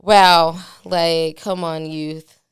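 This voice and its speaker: A woman's voice: low voice, little pitch movement, very slow, clear, resonant tone. A woman hosting a podcast interview, heartfelt and affirming, with lots of casual fillers. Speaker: podcast host.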